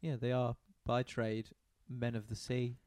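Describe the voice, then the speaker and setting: Deadpan man retelling a story. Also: mid-range voice, measured pace, dry recording, studio quality. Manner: deadpan storytelling with casual British slang. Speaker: podcast co-host retelling Bible stories. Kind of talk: casual comedic chat.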